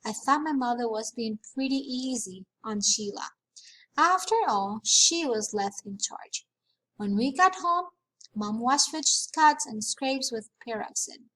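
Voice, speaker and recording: A woman reading a children's novel aloud in a lively storytelling manner. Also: on the high side, unhurried, poor audio. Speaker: reader.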